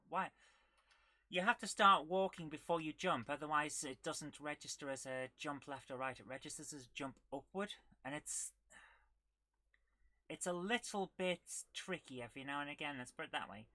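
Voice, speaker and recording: A woman hosting a casual retro gaming live stream, chatting with viewers and reacting excitedly while she plays. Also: deep voice, moderate pace, no room sound. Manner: chatty, reads viewer comments aloud, bursts of excitement while playing.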